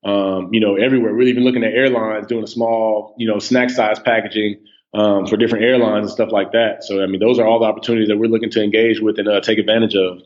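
A man in his thirties talking as a guest on a casual podcast, relaxed, with many restarts and "you know"s. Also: on the low side, fast, muffled recording. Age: 30s. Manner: laid-back, stammers on restarts, says "man" and "you know" a lot. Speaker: podcast guest, snack company co-owner.

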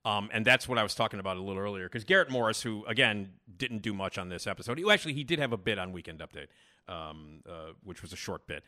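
Rambling male podcast host, bright voice. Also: on the low side, expressive, fast talker. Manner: rambling, many fillers. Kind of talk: casual commentary.

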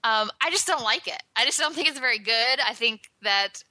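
A woman's voice: fairly high pitch, animated, normal speed, pushed and bright, no room sound. A woman co-hosting a TV podcast in casual chat, hesitant, with many ums and shrugging asides. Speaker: podcast co-host.

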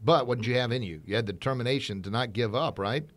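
A man's voice: medium pitch, fast, fairly bright tone. Earnest, impassioned man hosting a podcast. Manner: earnest, impassioned, addresses listeners as folks. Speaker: podcast host and martial arts academy owner. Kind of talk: passionate podcast talk.

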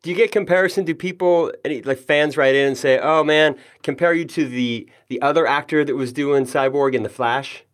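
A man's voice: a little high, brisk, few pauses. A male podcast host talks with his guest in a friendly, casual way. He jokes lightly and often pokes fun at himself. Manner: friendly, jokey, self-deprecating asides. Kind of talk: casual interview chat.

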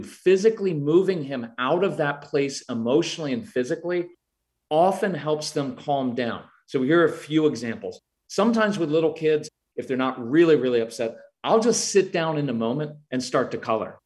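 A man's voice: fairly high pitch, a little mellow. A middle-aged man answering interview questions about parenting, earnest and explanatory, sometimes acting out what he says to children. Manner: earnest, acts out quoted lines to parents and kids. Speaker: parenting guest expert.

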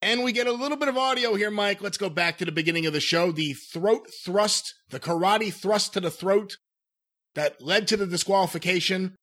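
A man's voice: high-pitched, moderate pace, fairly bright tone. A man co-hosting a podcast, chatting casually about old wrestling in a joking, incredulous way. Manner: joking, incredulous, laughs often. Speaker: podcast co-host.

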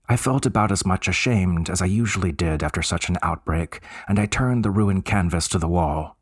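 A man reads a gothic tale aloud in a measured, unhurried way. His voice is very low and husky, close on the mic in a dry room. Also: dry recording. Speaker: narrator. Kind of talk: scripted story narration.

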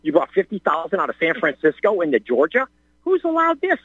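An older male caller rants in quick bursts, his high voice swinging widely up and down. He stumbles and restarts as he talks. The slightly husky sound comes over a muffled, dry phone line. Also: wildly swooping pitch, no room sound. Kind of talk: ranting call-in talk.

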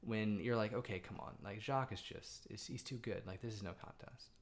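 A woman's voice: very deep voice, brisk. A woman co-hosting a casual film review chat, with playful asides. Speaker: podcast co-host.

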